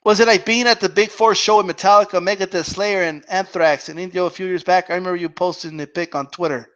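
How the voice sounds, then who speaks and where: High-voiced man rambling on a live stream. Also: steady tone, fast talker, a bit bright, highs cut off. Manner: rambling and profane. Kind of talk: casual live Q&A chat.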